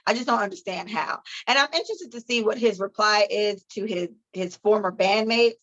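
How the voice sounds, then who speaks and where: A woman co-hosting a podcast, chatting casually with profane, animated storytelling. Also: mid-range voice, normal speed, dull audio. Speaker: podcast co-host. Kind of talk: casual chat.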